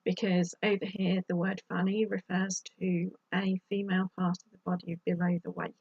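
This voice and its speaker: A woman's voice: fairly low pitch, flat delivery, normal speed, slightly rough, no echo, lo-fi sound. A woman giving chatty advice to camera as a vlogger, with exasperated asides. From United Kingdom. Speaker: YouTube vlogger.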